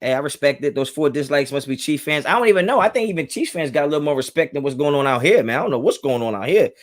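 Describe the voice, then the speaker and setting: He talks fast, with a higher voice and lively intonation, hosting a laid-back home livestream. Chatters get greeted by name in casual slang, and his kids are in another room.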